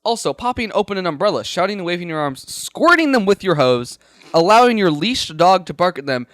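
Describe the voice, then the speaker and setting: A man's voice: high-pitched, very animated, fairly quick, noisy background. A man reading out a viewer's funny story and chatting with friends, laughing often. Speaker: show regular. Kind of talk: casual chat, reading a submitted story.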